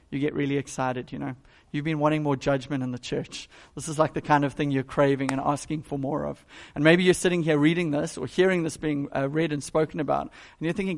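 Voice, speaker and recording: A man's voice: on the high side, creaky. A male pastor giving a conversational, emphatic sermon.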